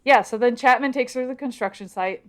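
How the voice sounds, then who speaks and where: A woman co-hosting a casual podcast, retelling a book's plot and slipping into quick quoted voices. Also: a little high, fairly bright tone. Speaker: podcast co-host. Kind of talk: casual book recap chat.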